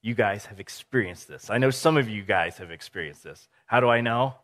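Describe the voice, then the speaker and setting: A man preaching a sermon in a conversational, animated way, acting out little scenes for his listeners. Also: lowish voice, brisk. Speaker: pastor.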